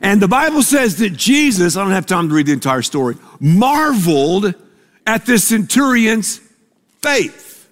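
Male preacher, high voice, emphatic sermon delivery, big reverberant room. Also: very animated, measured pace. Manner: emphatic, asks the congregation to repeat words. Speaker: pastor.

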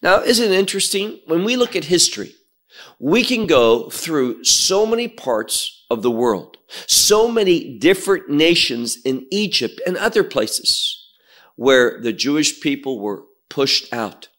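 A man's voice: on the high side, big pitch swings, a bit bright. A man teaching verse by verse through a Bible passage, reading verses aloud with emphasis and asking rhetorical questions. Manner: slow, deliberate, rising emphasis on quoted verses.

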